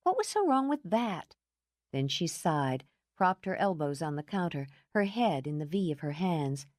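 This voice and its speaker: A woman narrating a romance audiobook in an expressive storytelling manner. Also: low-pitched, unhurried, dry recording, studio quality. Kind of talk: scripted narration.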